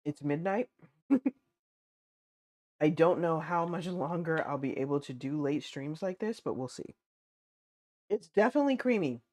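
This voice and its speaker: Chatty woman streamer with a lively voice. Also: deep voice, unhurried, pauses often. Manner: chatty, reads chat aloud, laughs often. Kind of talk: casual livestream chat while eating.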